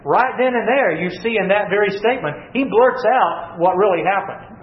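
A fairly high-voiced man leads a Bible class, reading verses aloud with dramatic emphasis and often repeating himself. The recording is muffled and lo-fi. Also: brisk, hardly any pauses, reverberant. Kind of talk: Bible study teaching with class questions.

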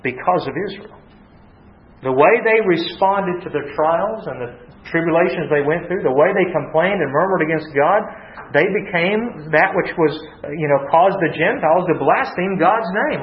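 Slightly high-voiced man preaching a sermon. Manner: halting, repeats words, reads scripture slowly. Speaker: pastor. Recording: roomy, dull lo-fi sound.

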